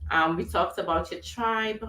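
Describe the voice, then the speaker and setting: A woman's voice: fairly low pitch, a little slow, pushed and bright, reverberant, distant mic, slight background noise, rough recording. A woman hosting a radio talk show, upbeat and motivational, a little under the weather with a tight throat. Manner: upbeat, motivational, laughs easily. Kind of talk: casual radio chat.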